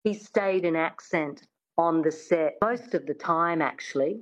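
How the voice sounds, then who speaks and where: A woman's voice: low voice, measured pace. A woman accent coach answering radio interview questions, hesitant and full of "I mean" restarts, sometimes demonstrating sounds.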